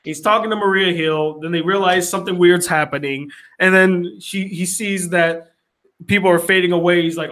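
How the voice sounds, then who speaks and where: A young male film critic with a slightly high voice recaps a movie scene by scene at a moderate pace. He's casual and animated, acting out the characters' lines as he goes.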